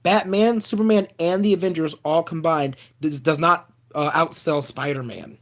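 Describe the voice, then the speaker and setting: Animated, profane male vlogger. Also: fairly high pitch, moderate pace. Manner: addresses viewers as y'all. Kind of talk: casual live-stream rant.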